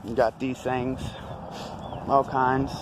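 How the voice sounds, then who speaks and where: A man's voice: mid-range voice, flat delivery, slow pace. A man vlogging casually outdoors, joking in slang as he walks among statues. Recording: noisy outdoor recording.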